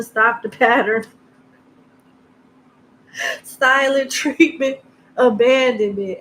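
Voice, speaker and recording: Brief: woman tarot reader, joking and blunt, a bit high-pitched. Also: a little hiss or hum, poor audio. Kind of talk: casual live tarot reading.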